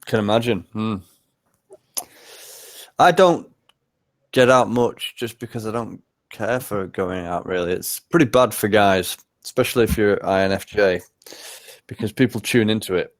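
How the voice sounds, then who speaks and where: A man's voice: lowish voice, moderate pace, pauses often. A man chats casually, hesitating often and restarting his sentences. His voice sits in a dead, dry space with no room echo. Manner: hesitant, many fillers and restarts. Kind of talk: casual chat.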